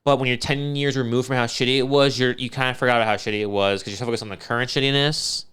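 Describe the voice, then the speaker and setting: A man's voice: mid-range voice, fairly even intonation, very fast, a bit bright, clean tone. A man co-hosting a podcast in casual banter, sarcastic and teasing, swearing freely. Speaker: podcast co-host.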